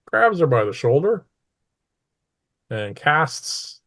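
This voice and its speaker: A man's voice: fairly high pitch, very animated, slow, fairly bright tone. A man narrating casually as game master of a tabletop game.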